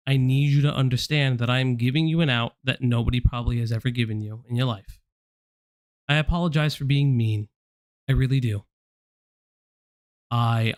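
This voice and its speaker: A man's voice: mid-range voice, no echo. A man hosting a livestream, speaking directly to someone in a confrontational, repetitive way. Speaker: stream host. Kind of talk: livestream commentary.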